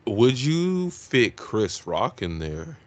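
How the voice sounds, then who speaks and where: A man co-hosting a podcast in casual chat, full of slang and eager shout-outs. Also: mid-range voice, sing-song, slow. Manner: enthusiastic, gives shout-outs, uses slang. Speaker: podcast co-host.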